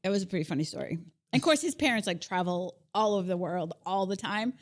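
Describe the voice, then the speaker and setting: Her story comes out quickly in a medium-pitched voice: a podcast co-host in her thirties, chatting casually with plenty of energy and lots of laughs.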